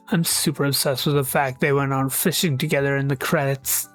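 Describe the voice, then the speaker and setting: A woman's voice: extremely low pitch, fairly quick, hardly any pauses. Wry woman reading fan posts aloud. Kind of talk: casual scripted commentary with skits. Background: faint background music.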